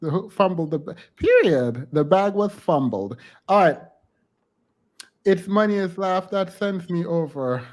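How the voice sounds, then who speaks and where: A man in a slightly higher register runs a casual livestream. He teases his guests in quick, playful banter. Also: expressive, darkish tone. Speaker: livestream host.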